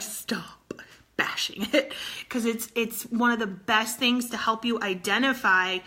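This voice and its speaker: A woman's voice: on the high side, sharp tone. A woman in her thirties, a fitness coach, talking earnestly to her team while close to tears, often repeating herself. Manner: earnest, tearful, repeats phrases. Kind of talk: emotional motivational talk to her team.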